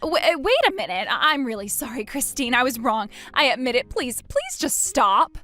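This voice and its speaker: A woman voicing a desperate, self-pitying adult sister-in-law who pleads and whines, her voice jumping high. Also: very animated, fairly quick, pushed and bright, heavily acted. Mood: pleading. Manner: pleading, whiny, pitch jumps high. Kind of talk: storybook narration.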